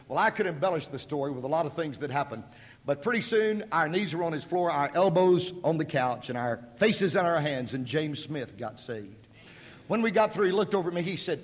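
A man's voice: fairly high pitch, brisk. Folksy preacher man in an echoey hall. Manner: folksy, emphatic storytelling. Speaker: pastor. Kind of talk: sermon with a personal story. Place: large hall at a school.

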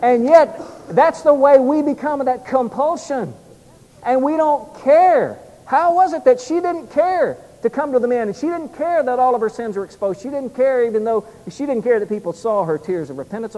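A man's voice: sits high, dark tone, in a large hall, rough recording. A man preaching a sermon with emphatic delivery, swelling and dropping his volume for effect.

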